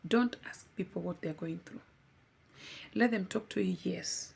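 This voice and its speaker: Young woman vlogger, slow deliberate delivery, earnest and pleading, husky tone. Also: mid-range voice, a little mellow. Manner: earnest, pleading, repeats for emphasis. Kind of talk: heartfelt personal testimony.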